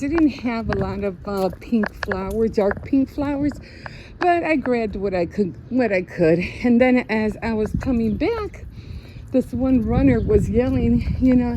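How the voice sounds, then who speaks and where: Chatty grandmother with a lively voice. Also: fairly high pitch, unhurried. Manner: chatty storyteller who laughs often. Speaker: craft vlogger. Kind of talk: casual rambling chat. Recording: dull lo-fi sound with steady noise.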